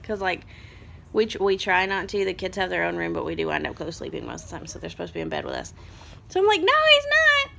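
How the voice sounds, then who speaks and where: Rambling mom with a gravelly voice. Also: female voice, on the low side, fast, a little hiss or hum. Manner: rambling and animated, with asides to her children. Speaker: mother vlogger. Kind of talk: casual storytelling vlog.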